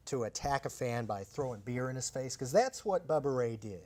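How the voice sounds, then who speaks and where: A man's voice: mid-range voice, normal speed. A man hosting a casual panel chat, telling stories with energy and putting questions to the others. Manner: animated storyteller, asks others questions.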